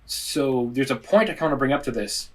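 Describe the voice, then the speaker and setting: A man's voice: medium pitch, lively intonation, normal speed. A man co-hosting a podcast, thinking aloud with restarts as he offers his own take. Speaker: podcast co-host. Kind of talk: casual podcast discussion.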